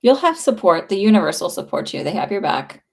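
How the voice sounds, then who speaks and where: Doing a live-stream psychic reading, a woman chats casually and reassuringly, filling her speech with lots of fillers. Her medium-pitched voice is very animated, a little fast, and has some vocal fry.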